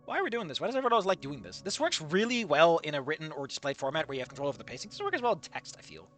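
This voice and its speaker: Male fic reader, high and lively, irreverent comedic commentary between passages. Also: soft background music. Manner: animated, swears freely, quick to laugh at the text. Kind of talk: dramatic reading with comedic asides.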